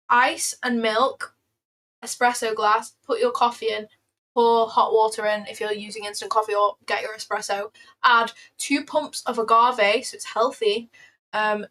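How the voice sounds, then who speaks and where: A woman's voice: a little high, fairly even intonation, a little slow, bright, forceful tone, poor audio. A young woman chatting casually on a livestream, playful and rambling as she reacts to her chat. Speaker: trading livestreamer.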